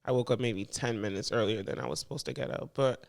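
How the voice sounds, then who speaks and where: In this casual podcast chat, the young male co-host keeps things relaxed and slangy, laughing frequently. He speaks quickly and expressively in a rather low, creaky voice.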